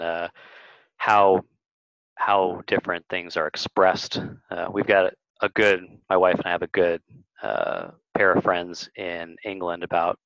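Man, very low voice, casual rambling podcast guest, dry dull lo-fi sound. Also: fairly bright tone, no room sound. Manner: rambling, storytelling with many fillers. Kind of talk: casual interview chat.

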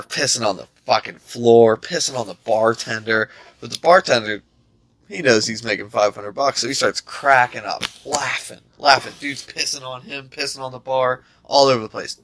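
A man's voice: mid-range voice, creaky, fairly bright tone. A man in casual chat telling jokes animatedly, with swearing and laughter.

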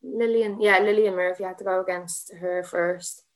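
A woman's voice: fairly low pitch, fairly even intonation, moderate pace. A young Irish woman, an MMA fighter and podcast guest, telling a rambling story full of "like" and laughing asides. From Ireland. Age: young adult.

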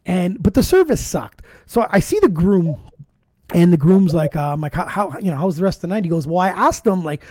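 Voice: medium pitch, animated, fairly quick, a little mellow, dry recording. Swearing wedding DJ with a dry sound. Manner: profane, rambling storyteller. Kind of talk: casual podcast chat.

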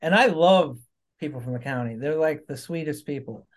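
A man's voice: fairly high pitch, moderate pace. A man from Maine in casual conversation, chatty, laughing often and restarting his sentences. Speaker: podcast guest. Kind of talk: casual chat.

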